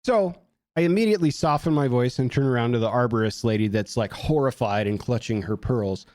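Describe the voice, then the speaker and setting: A man on a podcast telling a story in casual chat, animated, swearing a lot and acting out what people said. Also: medium pitch, fairly quick, no room sound, studio quality. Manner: animated, heavy swearing, acts out quotes. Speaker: podcast co-host.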